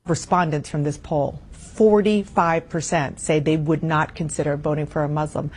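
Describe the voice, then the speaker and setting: A woman's voice: deep voice, fairly even intonation, moderate pace, a little mellow, slightly rough. A woman news anchor discussing poll numbers on a cable news panel, earnest and dismayed.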